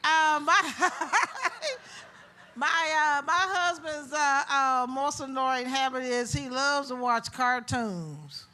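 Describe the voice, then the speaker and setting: A woman's voice: high-pitched, slow, pushed and bright. A woman answering as a game show contestant, chatty and teasing. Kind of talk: casual answers on stage.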